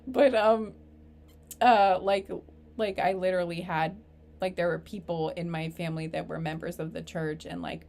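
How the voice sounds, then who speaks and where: A woman giving a casual tarot reading, rambling and halting, earnest and openly emotional. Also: fairly low pitch, darkish tone, a little hiss or hum. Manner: rambling, halting, full of fillers and restarts. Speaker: tarot reader. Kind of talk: casual spiritual reading to camera.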